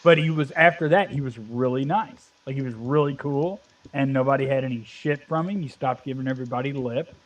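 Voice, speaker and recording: A man in his twenties spins a crude, cursing story during a casual gaming session. His voice sits at an ordinary middle pitch, and he talks loosely with lots of filler. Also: a little fast, hardly any pauses. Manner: profane ranting storyteller. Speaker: Minecraft let's play co-host. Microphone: headset or desk mic, volume fading at times.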